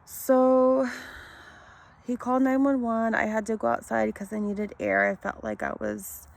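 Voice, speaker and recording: Slow, gravelly woman in her thirties. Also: fairly high pitch, little pitch movement. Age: 30s. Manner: halting and emotional, many pauses and ums. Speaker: vlogger sharing her health story. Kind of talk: personal storytelling to camera.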